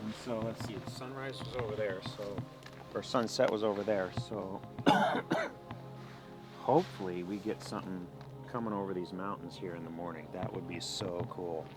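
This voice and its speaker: Deep-voiced easygoing man outdoors. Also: normal speed, loud music behind the voice. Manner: easygoing, relaxed explaining. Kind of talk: casual outdoor chat. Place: outdoors at a lakeside campsite.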